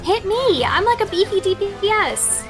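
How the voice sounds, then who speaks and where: A woman's voice: very high voice, animated, moderate pace. A woman playing an online game with friends, playful and self-mocking, with sarcastic asides. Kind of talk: casual gaming chat. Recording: game music behind the voice.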